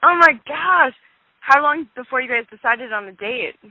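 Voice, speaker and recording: A woman hosting a podcast interview, excitable and quick to laugh. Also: high voice, no echo, narrow, tinny audio. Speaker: podcast host. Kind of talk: casual interview.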